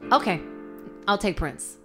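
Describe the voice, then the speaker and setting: Woman podcaster goofing around, crude jokes, mid pitch, music going behind her. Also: measured pace. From immigrant, born abroad. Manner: animated, crude jokey riffing. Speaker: podcast co-host. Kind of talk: casual comedy chat.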